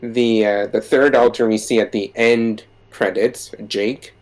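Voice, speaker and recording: A man co-hosting a podcast, chatting casually about what he has watched. He acts out quotes with sudden, lively leaps in his voice and then drops back to an easy conversational tone. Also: mid-range voice, measured pace. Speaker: podcast co-host. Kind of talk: casual chat.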